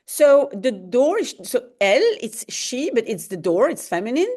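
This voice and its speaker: Reading a comic aloud as a lesson, this Dutch-speaking woman from Belgium translates slowly as she goes. Her delivery is animated, with careful explanations and sound effects such as booms and roars.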